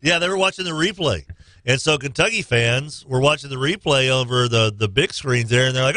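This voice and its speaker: A man hosting a casual sports talk radio show, excitable, reading listener texts and jumping into high shouted impressions. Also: brisk, no echo.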